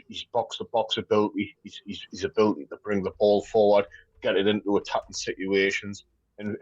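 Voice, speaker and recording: A man from Bolton chats keenly about football as a guest, repeating words when he gets going. His voice sits on the low side. The sound is muffled and lo-fi, dry with no room echo. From Bolton, England. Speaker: guest pundit. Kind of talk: casual football chat.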